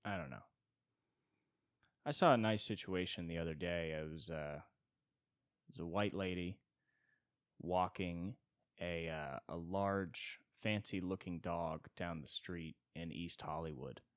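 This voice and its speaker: A man's voice: low voice, slow, long pauses, clear, resonant tone, no echo, studio quality. A man hosting a solo podcast and riffing comedically, rambling with frequent "you know" fillers. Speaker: podcast host.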